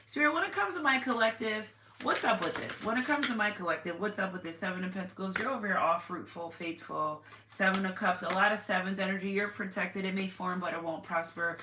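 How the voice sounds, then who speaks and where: A woman's voice: mid-range voice, brisk, hardly any pauses. A woman giving a casual tarot reading to her viewers, chatty and repetitive with sudden exclamations. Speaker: tarot reader. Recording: echoey room with faint noise.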